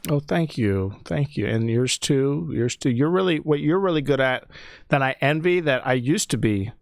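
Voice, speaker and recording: A man's voice: mid-range voice, expressive, normal speed, vocal fry, no echo. Rambling young man, dry close sound. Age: young adult. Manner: rambling, self-correcting, thoughtful. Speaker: comedian and podcast host. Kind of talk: casual podcast chat.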